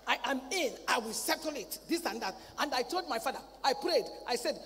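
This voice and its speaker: A woman preaching a sermon at a convention. She talks in a lively way, acts out family dialogue and repeats words. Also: high-pitched, a little fast. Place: large convention hall. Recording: reverberant hall, faint ambient noise.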